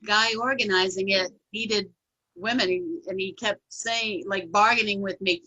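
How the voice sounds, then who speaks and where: A middle-aged woman comedian telling a funny story in a lively, laughing group chat. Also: medium pitch, a little slow, rough recording. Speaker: comedian guest.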